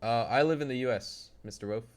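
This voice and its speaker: A young man streams a game live and chats easily with his viewers. He talks at an average pitch in a loose, bantering way. He laughs often as he answers comments from the chat. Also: brisk. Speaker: gaming streamer.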